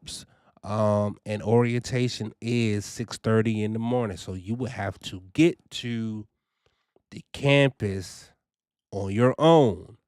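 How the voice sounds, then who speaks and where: Chatty man with a smooth voice. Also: lowish voice, no echo, studio quality. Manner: animated, chatty, repeats "you know" and "man". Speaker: trucking vlogger. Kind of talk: casual first-person review.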